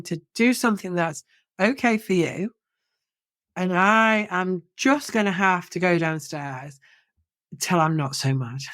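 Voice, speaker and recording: A middle-aged woman co-hosting a podcast, telling a story in a lively, casual way with frequent restarts. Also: mid-range voice, no echo, clean studio sound. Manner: animated storytelling, many restarts and self-corrections. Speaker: podcast co-host.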